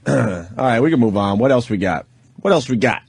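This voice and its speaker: A man's voice: medium pitch, expressive, moderate pace, darkish tone, husky, no room sound. A man hosting a morning radio show, joking around and steering the banter with his co-hosts. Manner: joking, leading the conversation.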